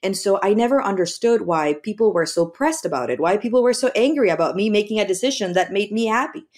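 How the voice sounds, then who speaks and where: A woman from Mexico, a makeup artist guest, telling her story in a lively, conversational way, acting out dialogue and often laughing. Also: medium pitch, fast. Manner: animated, acts out quoted dialogue, laughs often.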